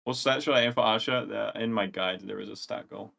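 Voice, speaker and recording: Young male streamer, gravelly and a touch low; loose, rambling chat with viewers. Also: brisk, fairly bright tone. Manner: rambling, answers chat questions, gamer slang. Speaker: livestream host. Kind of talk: casual livestream chat.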